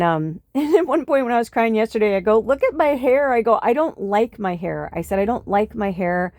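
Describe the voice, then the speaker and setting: A woman's voice: low voice, a little mellow, dry recording, studio quality. Fired-up woman ranting on a podcast. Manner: impassioned, swearing, many fillers. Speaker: spiritual podcast host. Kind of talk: casual rambling monologue.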